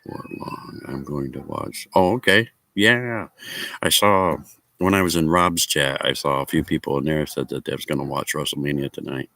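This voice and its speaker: A man's voice: extremely low pitch, moderate pace, bright, forceful tone, no echo, rough recording. A man chatting casually with viewers outdoors at a picnic table, telling a rambling story and chuckling often. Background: faint outdoor ambience, dogs nearby.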